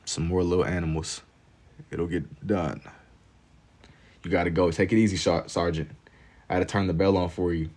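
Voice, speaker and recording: Deep-voiced laid-back man chatting on a livestream. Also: little pitch movement, normal speed, long pauses, a little mellow. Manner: laid-back, reads and answers chat while drawing. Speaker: livestream artist. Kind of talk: casual livestream chat.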